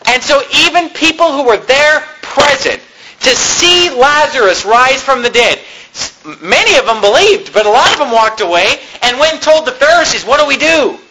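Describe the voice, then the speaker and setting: A man with a very high, bright voice preaching a sermon. He reads scripture aloud and then retells it in everyday words, often asking his listeners rhetorical questions. A faint noise sits under his voice. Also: animated, normal speed, low-quality recording.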